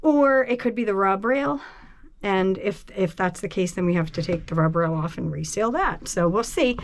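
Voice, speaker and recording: A woman's voice: mid-range voice, slight background noise. A woman from New England on her boat, out of breath, chatting in a casual, rambling vlog style. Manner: chatty, laughing, slow and rambling. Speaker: boat vlogger. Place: on a boat, below deck.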